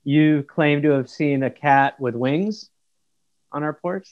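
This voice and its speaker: A man hosting a casual podcast, teasing his guest with deadpan jokes. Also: fairly high pitch, slow pace, dull audio. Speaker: podcast host.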